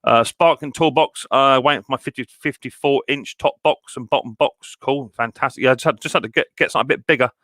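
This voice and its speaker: A man's voice: medium pitch, quick pace, few pauses, a bit bright, dry recording, studio quality. A man hosting a live stream. He greets viewers one by one by name in a casual style, with many fillers, and calls them mate and buddy boy. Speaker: mower channel host.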